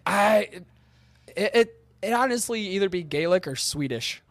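A man from Michigan with a fairly high voice chats casually on a podcast. The recording is dry, and he swears often and jokes at his own expense. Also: lively intonation, normal speed, fairly bright tone, no echo. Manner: swears, self-deprecating. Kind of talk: casual chat.

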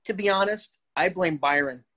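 A man's voice: high voice, moderate pace, heavy background noise. A man who serves in ministry, a guest joking and teasing in a casual chat.

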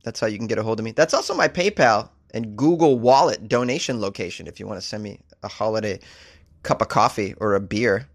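A man's voice: on the low side, lively intonation, brisk, no echo, clean studio sound. A man hosting a comedy podcast in a casual, jokey, self-deprecating way.

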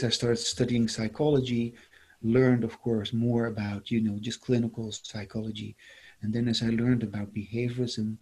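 A man's voice: medium pitch, dark tone, slight background noise. A middle-aged man from the Netherlands, talking in a reflective interview, musing and repeating his phrases. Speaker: interview guest, former seminar leader.

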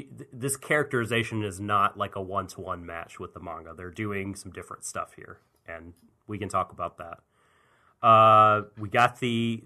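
A man's voice: on the low side, sharp tone. A man hosting a casual podcast, steering the recap of an anime episode and slipping in jokes.

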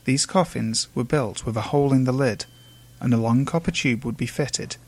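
A man narrating urban legends in a measured, hushed, ominous way. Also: medium pitch. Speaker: storyteller. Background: faint music.

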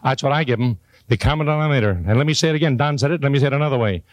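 An older man delivers a motivational talk from a conference stage, folksy and teasing, with emphatic repetition. His voice sits at an everyday middle pitch. The sound is close and dry, with no room echo. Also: racing. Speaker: motivational speaker. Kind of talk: motivational speech to a live audience.

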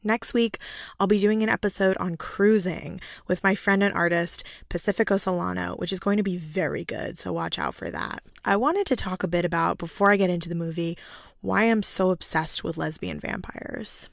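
Hoarse, raspy woman podcast host. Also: fairly low pitch, normal speed, dry recording, clean studio sound. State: hoarse from laryngitis. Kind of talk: solo podcast monologue.

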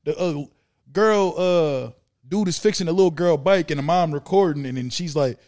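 A man's voice: on the high side, moderate pace, a little mellow. A man hosting a casual podcast chat, talking emphatically and profanely, often repeating words as he builds a point.

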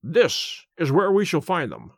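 A man's voice: fairly high pitch, wildly swooping pitch, creaky, no echo, full character voice. A man reading as a cool, assured Victorian detective. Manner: measured, dry and assured. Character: calm, incisive Victorian male detective.

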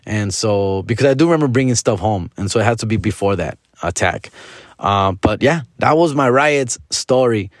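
A man's voice: on the low side, expressive, moderate pace, no room sound, studio quality. A man in his forties telling a personal story in casual, profane slang, switching between English and Spanish. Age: 40s.

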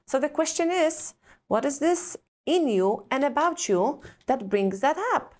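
A woman's voice: sits high, animated, a little slow, darkish tone. A woman with an Eastern European accent, a guest on a podcast, speaking earnestly and reflectively in a string of rhetorical questions. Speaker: guest expert on parenting and trauma. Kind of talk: podcast conversation.

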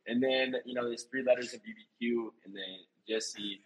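A man's voice: mid-range voice, steady tone, normal speed, husky, low-quality recording. A young man and reality show contestant chatting casually in an interview, telling stories in a laid-back way with laughter. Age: young adult.

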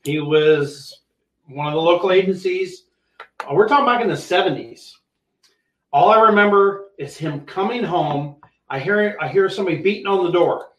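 A man co-hosting a podcast, telling a casual police story with lively voices and frequent swearing. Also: high voice, normal speed. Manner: animated storyteller, acts out voices, swears freely. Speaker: podcast co-host, police officer. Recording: roomy echo.

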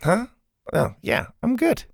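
A man voicing a worried, earnest boy at a jungle camp in a storybook reading, with a gravelly, husky voice. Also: very high-pitched, wildly swooping pitch, takes it slowly, no room sound, studio quality, pitched above the performer's own voice, heavily acted. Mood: distracted. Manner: earnest, easily grossed out.

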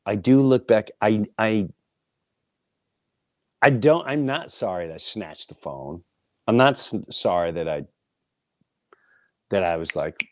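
On the low side, this middle-aged man's voice comes through clean studio sound with no echo as he hosts his podcast. He's animated, blunt, and profane while telling a personal story casually, performing the voices of those he quotes.

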